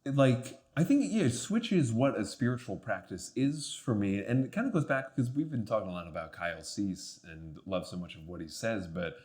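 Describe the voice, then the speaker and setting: A man's voice: on the low side, lively intonation, normal speed, hardly any pauses, darkish tone. A man as a podcast guest in casual conversation, talking reflectively with many fillers and restarts.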